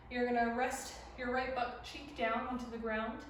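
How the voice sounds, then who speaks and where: Speaking at a normal speed in a level, somewhat high voice, a young woman demonstrates a beginner dance routine while explaining it. Counting and snatches of lyrics fill her casual instruction, and she sometimes sounds out of breath. She's far from the mic in a very echoey room, with slight background noise.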